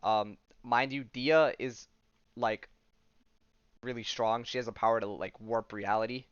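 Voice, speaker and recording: Podcast dude retelling a comic, "she's like" every line, smooth voice, bit muffled. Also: medium pitch, steady tone, unhurried, no room sound. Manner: rambling, full of "she's like" and fillers. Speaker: podcast host. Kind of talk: casual retelling of a comic story.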